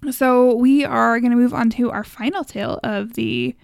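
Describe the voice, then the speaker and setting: A woman's voice: on the high side, moderate pace, gravelly, dry recording. Upbeat female podcast co-host. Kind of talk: casual chat.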